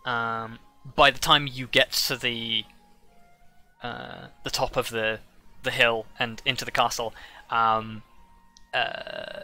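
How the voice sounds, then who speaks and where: A man narrating as game master of a tabletop game, halting often with fillers and restarts. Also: mid-range voice, little pitch movement, pushed and bright, soft background music.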